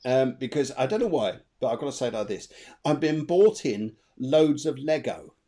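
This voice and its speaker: A man giving live psychic readings as co-host of an online show, chatty and animated, repeating himself as he goes. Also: medium pitch, normal speed. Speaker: medium and co-host. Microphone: video call.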